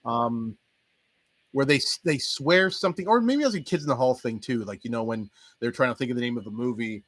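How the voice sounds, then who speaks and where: A man's voice: mid-range voice, animated, brisk, a bit bright, no room sound, low-quality recording. A man hosting his own stream, rambling casually with frequent swearing. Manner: rambling, swears and laughs often. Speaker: stream host.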